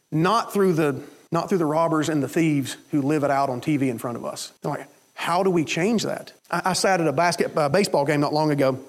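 A man preaching a sermon, telling stories in an animated way and acting out the voices of the people in them. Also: on the high side. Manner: animated storytelling with quoted voices. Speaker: pastor.

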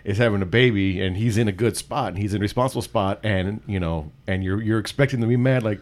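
A man's voice: fairly low pitch, quick pace, hardly any pauses. A man joking around in casual chat, swearing freely and often restarting his sentences. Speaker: podcast co-host.

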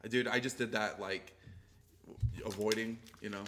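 A man's voice: lowish voice, steady tone, normal speed, background noise. A young man in a casual chat, rambling and self-mocking, swearing freely.

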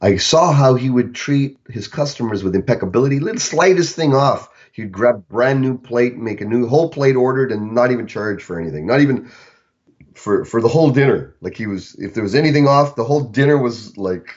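A man who works as a coach, speaking on a podcast in a reflective, storytelling way and slowing down on key words. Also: medium pitch, lively intonation, darkish tone. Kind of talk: casual podcast conversation. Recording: dull lo-fi recording.

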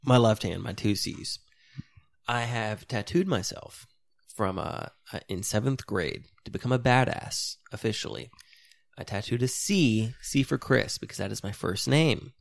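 A man's voice: on the low side, a little slow, vocal fry, no echo. A young man co-hosting a podcast, telling stories loosely with swearing and laughs. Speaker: podcast co-host. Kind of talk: casual podcast banter.

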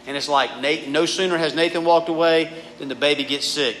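A man's voice: on the high side, fairly quick. A man preaching a conversational sermon, reading scripture and talking informally to a youth group. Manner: casual, animated preaching, often addresses listeners as "guys". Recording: reverberant hall with faint background noise.

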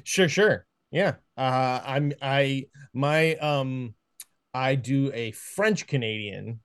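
A man co-hosting a movie podcast, talking casually and haltingly, with many fillers and soft laughs. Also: mid-range voice, clean tone, dry recording, studio quality. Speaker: podcast co-host. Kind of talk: casual chat about movies.

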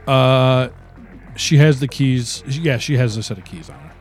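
A man running a tabletop game as game master, describing outcomes in a measured way with some hesitant fillers. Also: medium pitch, expressive, soft background music.

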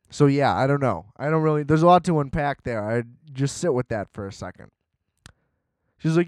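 A man's voice: a little high, very animated, fairly quick, no echo, clean studio sound. Sarcastic, profane young man. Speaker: podcast host reviewing a film. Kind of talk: casual chat.

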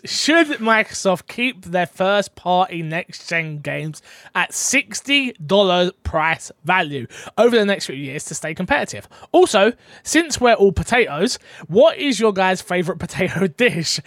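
Rambling higher-voiced man hosting a podcast. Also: expressive, unhurried, a bit bright, no echo, clean studio sound. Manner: rambling, hesitant, full of fillers. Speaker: podcast host. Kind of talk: casual podcast chat.

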